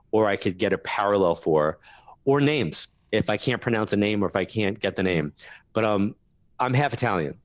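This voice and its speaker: Male guest, low-leaning voice, chatty storyteller, laughs easily, dry studio sound. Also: no echo. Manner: laughs through his stories, quick asides. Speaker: guest medium. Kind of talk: animated storytelling interview.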